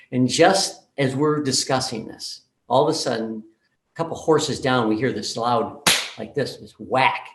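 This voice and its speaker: Brief: male speaker, lively storyteller, voices the dialogue, mid-pitched, roomy hall sound. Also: measured pace. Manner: animated, acts out dialogue in the story. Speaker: conference speaker. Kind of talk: storytelling talk. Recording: roomy echo.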